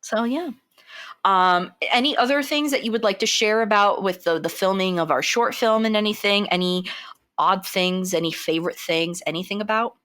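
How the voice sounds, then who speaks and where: A young woman co-hosts a podcast, chatting casually with lots of energy. She gets animated easily and keeps jumping into high, squeaky impressions of herself and others. Her voice sits at an ordinary middle pitch. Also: normal speed. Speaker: podcast co-host. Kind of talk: casual chat.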